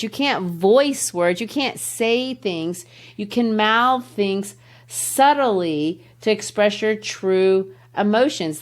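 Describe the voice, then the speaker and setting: A middle-aged woman, a literature teacher who hosts a podcast, explains a poem in conversation in an emphatic, teacherly way, slowing down and speeding up to stress her points. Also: medium pitch. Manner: teacherly, emphatic, shifts pace to stress words.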